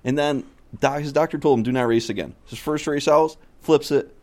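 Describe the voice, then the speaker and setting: A man's voice: on the high side, moderate pace. A man telling stories in casual chat on a talk show, laughing often as he goes. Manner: animated storyteller, laughs often.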